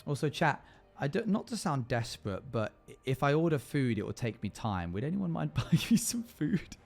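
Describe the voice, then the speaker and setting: A man, running a tabletop game on a livestream as game master, narrating slowly and deliberately with casual asides to his chat. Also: fairly high pitch, sing-song, creaky, soft background music.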